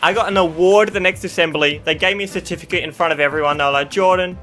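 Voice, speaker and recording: Young man, gaming YouTuber, bright and slightly high voice, telling stories over a game with music faint behind him. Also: fast talker. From Australia. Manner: animated, breaks off mid-story to react to the game. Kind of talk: storytelling while playing a video game.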